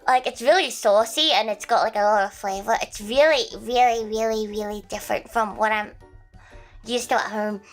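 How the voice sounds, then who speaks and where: A woman's voice: a little high, moderate pace, soft background music. A young Australian woman streaming and chatting casually, rambling with lots of fillers, giggles and swearing. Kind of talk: casual livestream chat.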